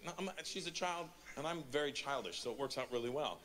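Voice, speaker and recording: A man in his forties from Canada works through a stand-up routine, acting out every quote as he tells the story. His voice is bright and forceful, and his pitch leaps around constantly. Faint noise sits behind him. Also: animated, fast, hardly any pauses. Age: 40s. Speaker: stand-up comedian.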